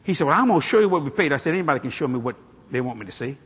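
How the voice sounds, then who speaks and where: A man preaching a sermon through a story, acting out the people in it and working up to loud shouts. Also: a little high, very fast, husky. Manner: animated, acts out the people in his stories, climbs to shouting.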